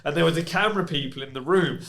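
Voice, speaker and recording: A man, speaking as a guest on a relaxed podcast. He tells frank stories in a lively way, often pausing for "yeah" and "you know". He talks like a hands-on business owner. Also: on the high side, vocal fry. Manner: candid, lively anecdotes with frequent fillers like "you know" and "yeah". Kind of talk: casual podcast interview storytelling.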